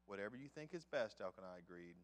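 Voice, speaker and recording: A man's voice: fairly low pitch, animated, fast. A man preaching a sermon in a conversational, storytelling way, talking straight to the men in the room. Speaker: pastor. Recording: long hall reverb.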